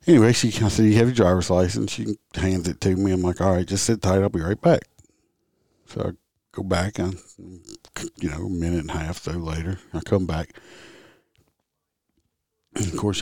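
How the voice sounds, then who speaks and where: Deep-voiced guy, traffic cop with a podcast, rambly and blunt, dry close sound. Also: darkish tone, dry recording. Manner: rambling, blunt, occasional swearing. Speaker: podcast host and traffic officer. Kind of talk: casual storytelling monologue.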